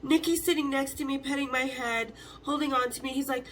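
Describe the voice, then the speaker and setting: A high-pitched woman in her fifties tells her stories with lots of energy. She swears freely and jumps into the voices of everyone she mentions. Faint ambience sits underneath her. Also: steady tone, a little fast, a bit bright, slight background noise. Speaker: host telling rock stories. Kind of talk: casual storytelling.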